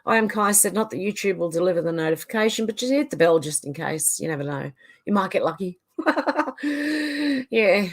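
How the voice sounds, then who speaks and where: A woman's voice: lowish voice, lively intonation, fairly quick. A middle-aged woman hosting a live stream, reading viewer comments aloud with frequent laughter. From Australia. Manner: reads comments aloud, often laughs and chuckles. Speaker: livestream host reading chat. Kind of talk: casual chat reading out comments.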